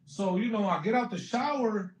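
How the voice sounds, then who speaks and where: A man's voice: high-pitched, moderate pace, slight background noise. A man, a guest comedian, telling stories in casual interview chat, acting out quotes and laughing often. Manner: animated storyteller, acts out quotes, laughs often. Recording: echoey room.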